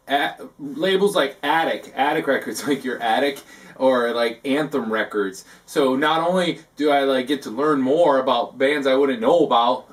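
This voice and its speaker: A man hosting a comic talk segment, rambling and halting, filling his talk with "like" and tacking on "eh". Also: medium pitch, distant mic. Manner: halting, full of "like" and tacked-on "eh". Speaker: host of a parody talk segment.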